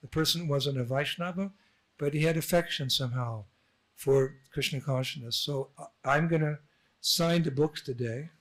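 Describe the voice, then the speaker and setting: Monk giving a temple talk; higher male voice, anecdotal, plays both sides of the conversation. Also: moderate pace, fairly bright tone. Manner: storytelling, acts out dialogue with laughs. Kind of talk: informal sermon with anecdotes. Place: temple hall.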